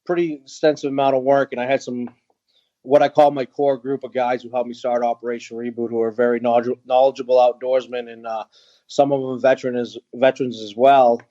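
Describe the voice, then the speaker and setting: A man, a veteran, telling a personal story as an interview guest, earnest and halting, with frequent pauses and restarts. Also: mid-range voice, flat delivery, warm tone, highs cut off. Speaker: guest, veteran who runs an outdoor organization for veterans.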